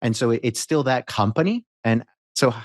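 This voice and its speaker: A man hosting a podcast, asking questions in a halting way with frequent restarts. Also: mid-range voice, animated, no room sound, studio quality. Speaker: podcast host. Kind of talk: interview questions.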